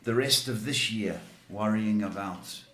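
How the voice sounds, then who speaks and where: A man's voice: on the low side, unhurried, fairly bright tone, reverberant, a little hiss or hum. A man hosting a live psychic advice show, answering questions bluntly with teasing jokes. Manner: blunt, teasing, jokes at his own expense. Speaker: psychic tarot host. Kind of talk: live-stream advice chat.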